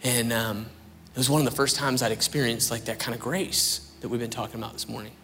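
A young man preaching and telling his own story in a casual, animated way, with lots of "like" and "you know". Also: mid-range voice, quick pace, big-room sound, slight background noise. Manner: conversational, animated storytelling with many fillers. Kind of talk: sermon with personal testimony.

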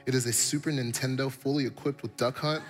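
A man's voice: medium pitch, steady tone, fast, faint music behind. A man preaching a sermon, telling stories with animation and building his points through repetition. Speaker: pastor.

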